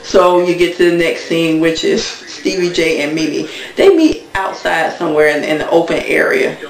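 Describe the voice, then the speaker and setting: A woman with a gravelly edge to her voice, recapping in a blunt, gossipy way and talking straight to her viewers. She sits back from the mic, and her voice rings in an echoey room. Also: low-pitched, normal speed, distant mic. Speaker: TV recap vlogger. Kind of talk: casual episode recap.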